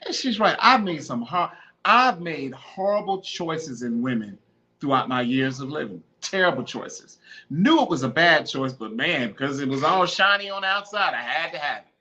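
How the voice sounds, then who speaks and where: A man's voice: fairly high pitch, lively intonation, normal speed, pushed and bright, dull audio. Laughing, slangy man telling stories. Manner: laughs often, repeats himself, slangy and playful. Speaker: podcast host. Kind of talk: casual storytelling monologue.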